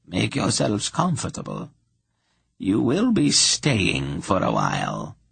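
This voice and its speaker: A man voicing a reclusive, bitter witch who speaks in a measured, strangely neutral way. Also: low voice, huge pitch swings, vocal fry, fairly bright tone, husky, no room sound, heavily acted. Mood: calm, wry. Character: reclusive middle-aged witch woman, calm and bitter.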